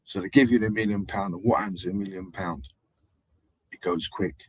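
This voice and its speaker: A man hosting a live stream, telling meandering stories and acting out the people in them, his loudness swinging up and down. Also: low voice, a little fast, slightly rough, dry recording, rough recording. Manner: meandering storytelling with acted-out voices and sudden loudness swings. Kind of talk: rambling live-stream monologue.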